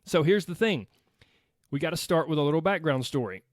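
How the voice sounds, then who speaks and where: A man's voice: fairly high pitch, lively intonation, a little fast, no room sound, clean studio sound. A man with a Southern American accent hosting a solo podcast in an upbeat, chatty way, talking straight to his listeners. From United States. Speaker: podcast host.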